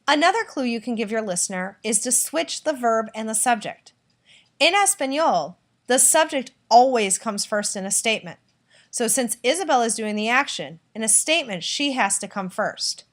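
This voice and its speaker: A woman teaching a recorded lesson, explaining clearly and patiently and acting out example sentences. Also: fairly high pitch. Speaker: Spanish teacher.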